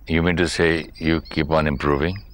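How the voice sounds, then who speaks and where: Indian male host, deep voice, curious questioning style. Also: flat delivery, normal speed. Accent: Indian English. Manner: probing, questioning, casual. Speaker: interviewer. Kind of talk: conversational interview.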